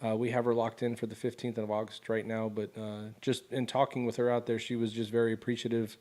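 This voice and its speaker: A man's voice: mid-range voice, level tone, quick pace, a little mellow. A man co-hosting a podcast in casual chat, easygoing, talking with lots of fillers. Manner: easygoing, many fillers like "uh" and "you know". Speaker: podcast co-host.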